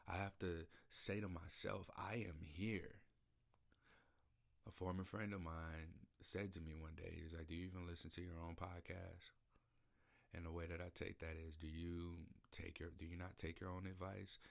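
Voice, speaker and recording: A man's voice: low voice, little pitch movement, moderate pace, gravelly. A man hosting a podcast, speaking an emotional, searching personal monologue in a studio, often repeating himself. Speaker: podcast host. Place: recording studio.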